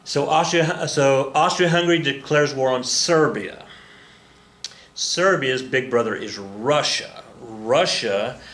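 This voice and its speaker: Male history teacher, bright voice, digressive and self-correcting, recorded in an echoey room. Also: medium pitch, slow. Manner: rambling, self-correcting, joking asides. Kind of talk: recorded classroom lecture. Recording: roomy echo with faint ambience.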